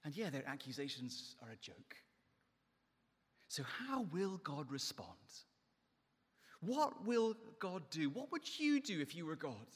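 A fairly high-voiced man preaching an evening sermon. His delivery swells and drops with emphasis, and a long hall reverb trails each phrase. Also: sing-song, takes it slowly, long pauses, husky. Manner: emphatic, rising and falling delivery.

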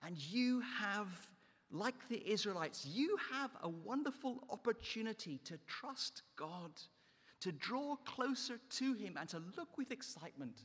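Male preacher, slightly high voice, emphatic rise-and-fall sermon delivery, long church reverb. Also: fairly bright tone, breathy edge. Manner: emphatic, rising and falling delivery.

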